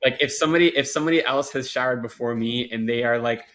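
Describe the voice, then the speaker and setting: A man's voice: medium pitch, fast, fairly bright tone. A man co-hosting a podcast in casual chat, playful and emphatic, laughing often. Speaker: podcast co-host.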